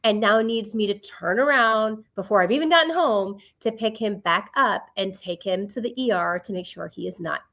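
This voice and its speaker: A woman in her forties co-hosting a podcast, telling stories in an animated way and acting out her own quotes. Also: mid-range voice, moderate pace, few pauses. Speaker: podcast co-host. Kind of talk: casual chat.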